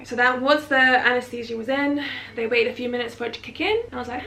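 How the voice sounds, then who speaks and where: A woman tells her story to camera in a candid, dramatic, laughing way. Her voice sits a little high and has a gravelly, fry-edged texture. A faint background noise runs under the recording. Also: fairly quick, a bit bright. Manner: chatty, frank and dramatic, laughing often. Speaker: vlogger.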